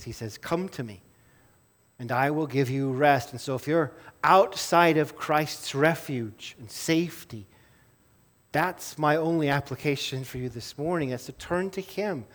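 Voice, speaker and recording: A man preaching a sermon as pastor, earnest, rising to emphatic stress and then dropping low and soft.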